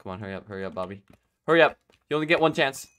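A man giving excitable gameplay commentary, laughing often and talking to himself and his opponents. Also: mid-range voice, very fast. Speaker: gaming YouTuber.

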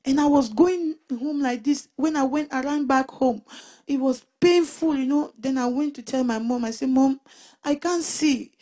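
A woman giving a personal Christian testimony in an emotional, halting way, often restarting and repeating her words. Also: high voice, warm tone. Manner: emotional retelling.

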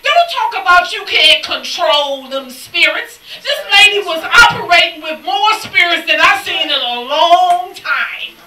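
Lady preacher, super high bright voice, shouting her story from across an echoey church. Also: measured pace, few pauses, slight background noise. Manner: animated storytelling, acts out quoted people; shouts and laughs between lines. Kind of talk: sermon. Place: church sanctuary. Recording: echoey church sound from a distant mic.

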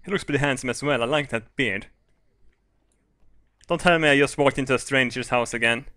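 A man doing let's play commentary on a game, excitable and crude, with loud shrieks and laughter. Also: mid-range voice, a little fast, no echo, clean studio sound. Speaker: gaming video host.

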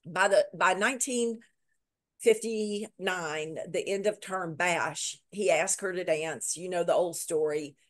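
A woman author, a guest in a video interview, telling a story with lively retelling and repeating words for emphasis. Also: fairly low pitch, measured pace. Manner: lively retelling that acts out quoted lines.

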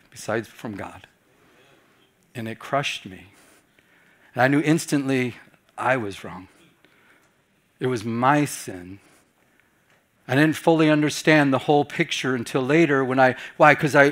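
A middle-aged pastor, a man, telling a personal story to his Bible study group. His voice sits fairly high for a man, and he swings from excited, loud re-enactments of his own reactions down to hushed, confessional tones.

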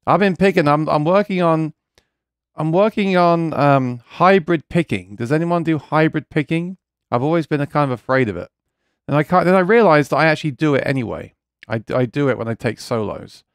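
Gravelly man hosting a live gear chat. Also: a little high, animated, fairly quick, no echo, clean studio sound. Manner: rambling, reads viewer comments aloud; earnest and keen about guitar gear. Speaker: livestream host.

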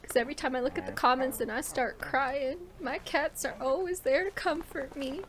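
A woman's voice: sits high, moderate pace, a crowd in the background. A young woman streamer giving casual, emotional, chatty commentary on a game she plays. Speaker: gaming streamer. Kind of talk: casual let's-play commentary.

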